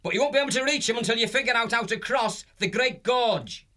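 A man's voice: extremely high pitch, lively intonation, fast, bright, forceful tone, pitched above the performer's own voice, heavily acted. Man doing a folksy old shrew boatman. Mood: calling out. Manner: rustic, folksy, "ain't", "afore". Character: gruff, kindly old male shrew boat captain. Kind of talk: audiobook character voice.

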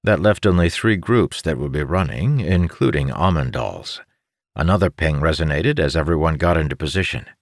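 A man narrating a fantasy audiobook in a measured, expressive storytelling manner. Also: very deep voice, no echo, clean studio sound.

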